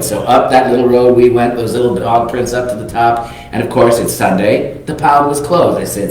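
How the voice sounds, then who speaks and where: A minister preaching in a strongly echoing sanctuary, his voice at a middle pitch for a man. He tells a personal story with animated storytelling and acts out the people he quotes. A faint low rumble sits under the voice. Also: moderate pace, few pauses. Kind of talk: storytelling sermon. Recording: very echoey hall.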